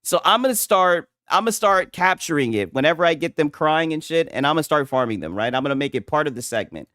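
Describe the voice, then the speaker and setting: A man's voice: on the high side, animated, fast, a bit bright, no echo, clean studio sound. A man hosting a casual gaming livestream, mocking his audience with frequent laughter and profanity. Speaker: gaming commentary streamer.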